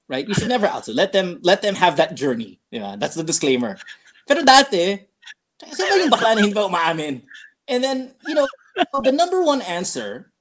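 Animated middle-aged man telling a story. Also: sits high. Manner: animated storyteller who acts out quoted dialogue; mixes English and Tagalog mid-sentence. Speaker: podcast guest, radio host. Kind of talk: casual interview chat.

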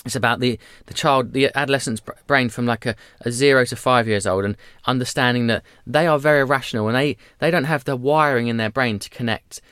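Recorded dry and at studio quality, a man in his thirties talks with a clean, mid-range tone. He's a guest on a podcast, conversing frankly, telling stories fast and animatedly while acting out voices.

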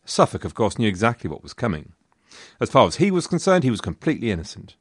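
A man's voice: lowish voice, very animated, fast, breathy edge, no room sound. A man hosting a history podcast, telling the story in a wry, conversational way with dry asides. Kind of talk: scripted history narration.

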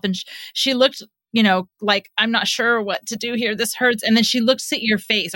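A woman's voice: mid-range voice, sharp tone, no echo. A middle-aged woman, a psychotherapist guest on a podcast, explaining things in a conversational way with lots of fillers.

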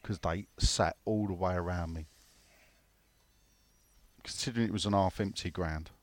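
A man's voice: low-pitched, fairly even intonation, normal speed, no room sound. A man co-hosting a casual football podcast, rambling through stories, swearing freely and reading out listener questions. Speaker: podcast co-host.

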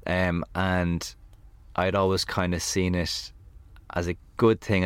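Deep-voiced man telling stories. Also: no echo. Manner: animated storyteller, heavy on "like". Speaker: podcast guest. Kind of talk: casual conversation. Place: camper van.

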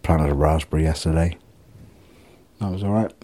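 A middle-aged man with a very deep, husky voice. He rambles through a casual video diary in a self-mocking, sweary way, and his tone is dark and mellow. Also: moderate pace. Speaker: vlogger.

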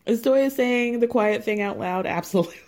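A woman's voice: on the high side, a little fast, a little mellow. A woman casually recapping a reality show episode, chatty and gossipy, often laughing as she retells the scenes.

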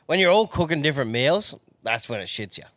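A man's voice: a little high, sing-song, fairly quick, fairly bright tone, no echo. An Australian man co-hosting a podcast, chatting bluntly and swearing casually. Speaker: podcast co-host. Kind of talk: casual chat.

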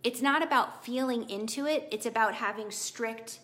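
Her voice is a little high and her pace normal as this middle-aged woman gives an informal tarot reading to people watching live. She keeps things warm and encouraging, chattering and breaking into laughs.

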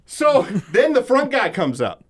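A man co-hosting a podcast, telling a long story in casual chat, profane and animated, dropping from loud bursts to low mumbles. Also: a little slow, breathy edge. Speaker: podcast co-host.

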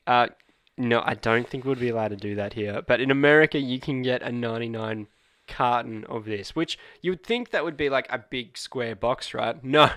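A man's voice: mid-range voice, normal speed, a bit bright, no echo. A man with an Australian accent, rambling and laughing through a casual chat as a podcast co-host.

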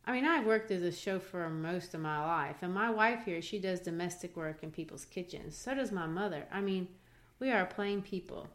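A woman's voice: on the low side, normal speed, natural voice. A woman reading out the hesitant lines of a humble working-class husband in a play.

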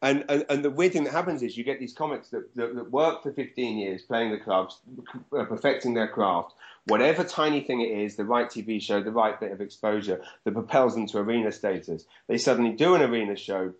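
A man, a stand-up comedian, chatting casually and telling stories with animated energy and the odd swear word. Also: mid-range voice, a little fast. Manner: animated storyteller, swears freely. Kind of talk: casual chat. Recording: dull lo-fi sound.

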